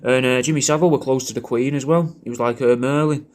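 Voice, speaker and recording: Guy rambling thru a crude birthday message, mid pitch, keeps repeating himself. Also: steady tone, quick pace, darkish tone. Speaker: comedian recording a personalised video message.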